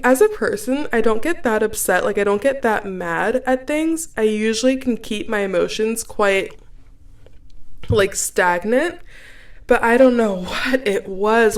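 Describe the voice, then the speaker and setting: A young woman in her twenties from Cameroon, hosting a podcast and telling a story in a chatty, animated way, full of "like". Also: medium pitch, a little slow. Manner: chatty, animated, heavy use of "like". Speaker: podcast host. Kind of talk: casual storytelling.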